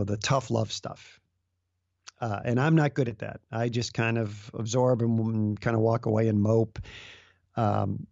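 A middle-aged man in casual conversation as a guest, talking in halting bursts with many restarts and fillers. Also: mid-range voice, gravelly, a little mellow, no echo. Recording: dull lo-fi dry sound.

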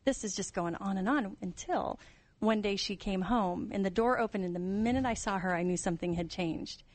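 A woman sharing a family story and reflecting earnestly on love in a relaxed talk-show chat. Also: mid-range voice, moderate pace, no room sound. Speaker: guest author. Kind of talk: casual chat.

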